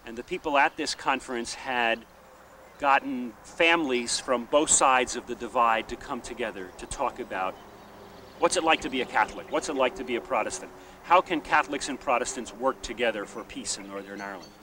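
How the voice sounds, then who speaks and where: A man, a peacemaker and facilitator, telling a story in an animated way, often saying "you know.". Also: mid-range voice, a little fast. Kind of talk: storytelling talk. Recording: distant mic, faint outdoor noise.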